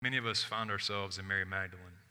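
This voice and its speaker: A man preaching a sermon, telling the story with animated swings from loud to hushed and acting out the people in it. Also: sits low, quick pace, big-room sound. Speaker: pastor.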